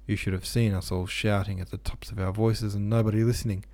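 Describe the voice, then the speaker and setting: A man voicing a reserved young man who answers curtly and coldly, in a low gravelly voice. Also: level tone, fast talker, dark tone, lightly acted. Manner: curt, restrained.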